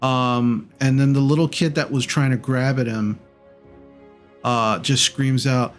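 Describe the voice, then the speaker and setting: Soft music sits under a man's steady, medium-pitched voice as he runs a tabletop game. His narration is relaxed and meandering, dotted with ums and self-corrections.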